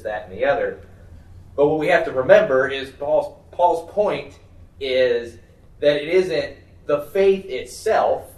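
A man leading a Bible study discussion, thinking aloud with many fillers and restarts as he teaches the group. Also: mid-range voice. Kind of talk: conversational teaching. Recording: roomy, distant mic, faint background noise.

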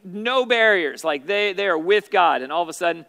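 A man's voice: high voice, lively intonation, normal speed, vocal fry, pushed and bright. A man teaching a youth Bible study as its pastor, asking questions and calling on students by name. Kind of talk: interactive Bible study lesson.

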